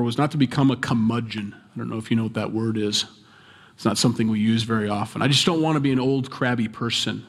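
Male pastor, mid-range voice, easygoing preaching style, reverberant church hall. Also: mid-range voice. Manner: conversational, reads scripture then comments with asides. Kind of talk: sermon.

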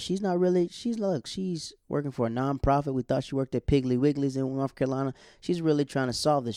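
A man's voice: medium pitch, dry recording, clean studio sound. Chatty man recapping a TV episode. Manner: animated, chatty, colloquial, laughs often. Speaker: TV show recap vlogger.

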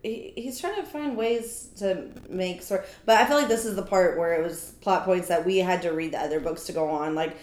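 A woman co-hosting a podcast, chatting casually about a book in an animated, often laughing way. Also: lowish voice, normal speed, hardly any pauses. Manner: laughing, animated, self-teasing. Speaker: podcast co-host. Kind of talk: casual book-club chat. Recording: echoey room.

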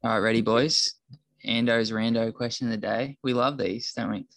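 A man's voice: mid-range voice, steady tone, normal speed, creaky, a bit bright, no echo. A man, playfully running a quiz segment on a podcast. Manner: playful quiz-master, teasing. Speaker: podcast co-host. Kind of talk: casual chat.

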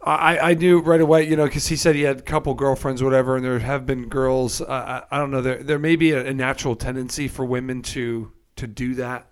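A man's voice: mid-range voice, steady tone, a little fast, hardly any pauses. A man chatting casually, trailing off and thinking aloud as he talks. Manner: hesitant, full of fillers and restarts. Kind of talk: casual chat.

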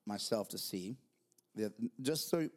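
A man, a worship leader and youth director co-hosting a church podcast, telling stories in an animated, self-mocking way. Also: lowish voice, unhurried. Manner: animated storyteller, jokey, laughs at himself. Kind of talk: casual church podcast chat.

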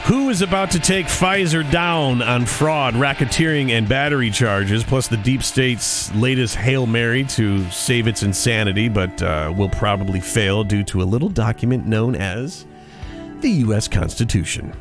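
Male podcast co-host, mid-pitched and rambling, casual storyteller, faint music underneath. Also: normal speed. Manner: rambling, conversational storytelling with frequent restarts.

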